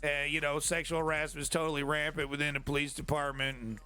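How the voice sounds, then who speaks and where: A man's voice: fairly high pitch, flat delivery, quick pace, pushed and bright, clear, resonant tone, faint music behind. A man voicing a creepy male small-town cop who keeps apologizing in a drawling, mock-polite way. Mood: mock-apologetic.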